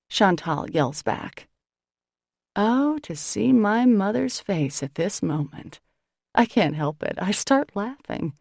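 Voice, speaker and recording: Expressive woman narrating with a creaky voice. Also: medium pitch, slow, no echo, clean studio sound. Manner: wry, expressive, lively character reading. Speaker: audiobook narrator. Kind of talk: first-person novel narration.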